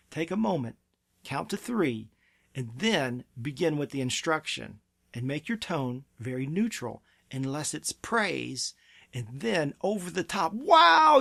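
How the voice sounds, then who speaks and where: Earnest man with a gravelly voice. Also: on the high side, no room sound. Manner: earnest, emphatic, acts out parent and child quotes. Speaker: pediatric therapy clinic presenter. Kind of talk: advice talk to camera.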